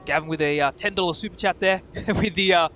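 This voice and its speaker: A man with an Australian accent giving relaxed live commentary on planes at an airport and chatting with viewers. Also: sits high, fast, soft background music. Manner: relaxed, chatty, thanks viewers, frequent uh fillers. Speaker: co-host of a plane-spotting livestream. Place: outdoors at an airport car park.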